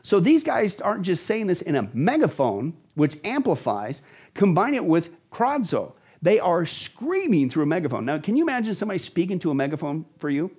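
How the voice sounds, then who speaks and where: A pastor on a show explains scripture with rising urgency and a lot of repetition. His voice is a touch husky and sits on the higher side for a man. His pitch swings widely as he presses every point. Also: very animated, brisk, darkish tone. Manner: intense, dramatic, repeats words for emphasis. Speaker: pastor, guest. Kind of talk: emphatic Bible teaching in conversation.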